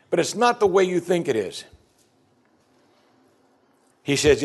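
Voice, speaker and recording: Pastor guy preaching, kinda husky higher voice, really leaning into every point. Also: very animated, measured pace, pauses often. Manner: emphatic preaching with rising, urgent questions. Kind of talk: sermon.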